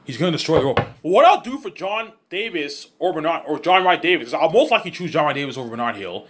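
A male vlogger rambles through a casual, excitable monologue, swearing freely and often stumbling and restarting his words. His voice is on the high side, he talks fast, and there is background noise.

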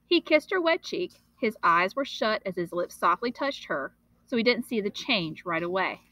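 A woman, a teacher, reading a children's novel aloud in an expressive, steady storytelling manner. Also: medium pitch, normal speed, no room sound, low-quality recording.

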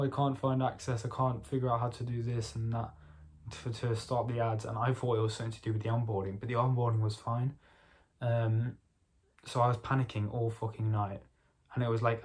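A young man talks straight to camera in a rambling, motivational vlog monologue, swearing freely as he goes. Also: lowish voice. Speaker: vlogger. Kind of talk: casual late-night monologue.

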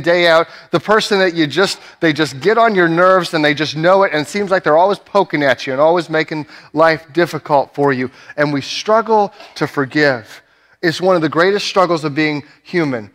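A young adult man preaches in a church sanctuary, sharing a personal story earnestly and often restarting or tossing in "right?" He is a pastor, and his voice is high-pitched and a bit bright.

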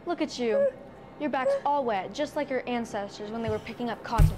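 Woman acting as a haughty spoiled rich girl, commanding, highish voice, scripted skit with background music. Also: lively intonation, a little fast, close to an everyday voice. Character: spoiled, cruel rich girl bossing a maid. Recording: background music under dialogue.

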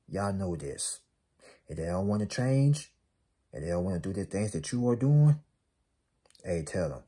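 Husky deep-voiced man preaching motivation. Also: warm tone. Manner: emphatic, repetitive, calls out to the audience. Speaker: spiritual motivational speaker.

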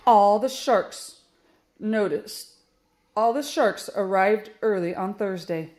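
A woman's voice: medium pitch, darkish tone. A woman teacher reading a children's picture book aloud and explaining subtraction steps. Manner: slow, clear, explaining steps. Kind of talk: children's book read-aloud with math lesson.

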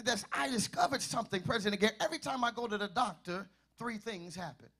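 High-voiced preacher singing his sermon. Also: fast talker. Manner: call-and-response preaching, half sung, building to shouts. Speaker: pastor. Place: church sanctuary.

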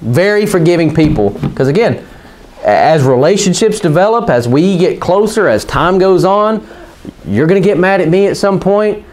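A man's voice: high-pitched, lively intonation, moderate pace, darkish tone. A male pastor preaching a sermon in a church, folksy and joking, then rising into fervent preaching while the congregation calls out amens. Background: congregation calling out amens.

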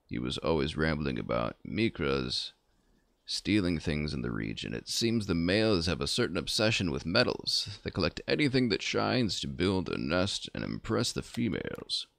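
A man's voice: very deep voice, sing-song, normal speed, gravelly, fairly bright tone, no echo, pitched below the performer's own voice, heavily acted. A man putting on an old man storyteller. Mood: musing. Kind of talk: reading game dialogue aloud.

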